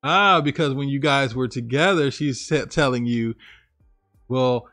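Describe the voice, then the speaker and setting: A man's voice: medium pitch, a little slow, sharp tone, no room sound. Man reading stories over faint music. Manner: casual, emphatic, reacts with disbelief. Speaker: story channel host. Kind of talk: reading a listener story aloud, then commenting. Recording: dry close mic with faint background music.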